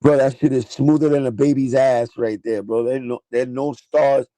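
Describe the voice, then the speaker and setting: A middle-aged man with a New York accent, hosting a casual sneaker livestream with excitable, profane banter. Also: medium pitch, normal speed, dry recording, low-quality recording.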